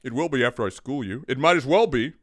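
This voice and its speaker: A man's voice: mid-range voice, animated, fast talker, a bit bright, dry recording, clean studio sound. A young man hosting a comedic sports debate show, with a mock-grandiose, speechmaking delivery.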